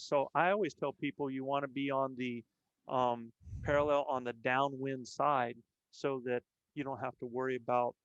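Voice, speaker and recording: A man's voice: medium pitch, no echo, muffled recording. A middle-aged man, a guest on a podcast, talking casually and plainly about hunting, often tossing in "man" and repeating words as he restarts. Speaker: guest, elk hunter.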